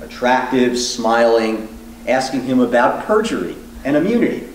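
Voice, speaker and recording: Deliberate male law professor teaching. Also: medium pitch, sing-song, a little hiss or hum. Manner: deliberate, with measured pauses. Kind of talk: teaching demonstration. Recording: echoey room, distant mic.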